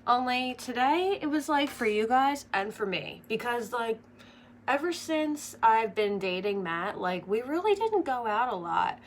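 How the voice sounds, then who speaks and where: A woman's voice: fairly high pitch, animated, measured pace, a little hiss or hum. A young woman chatting casually through a makeup tutorial, rambling with lots of fillers. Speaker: makeup vlogger.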